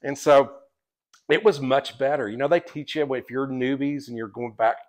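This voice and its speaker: A man's voice: mid-range voice, fairly even intonation, moderate pace. A man who guides visitors and writes a guidebook. He tells stories in a rambling, chatty way and often breaks into laughter. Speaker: tour guide and guidebook author. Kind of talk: casual podcast storytelling.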